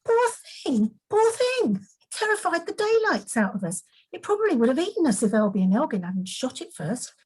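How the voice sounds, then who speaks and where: A woman voicing a cheeky, excitable young male companion in a storybook reading, with high exclaiming lines. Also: moderate pace, hardly any pauses, slightly rough. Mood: indignant.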